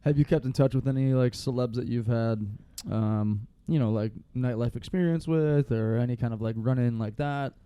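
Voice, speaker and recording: A man hosting a podcast, reacting fast with swearing and quick follow-up questions. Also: medium pitch, dark tone, clean tone, no room sound. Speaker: podcast host. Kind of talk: casual interview chat.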